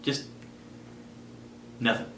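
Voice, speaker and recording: A man telling a personal story as a podcast host, animated and jumping into the voices of people in his tale. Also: drawn-out words, slight background noise. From South Carolina. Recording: echoey room, faint ambience.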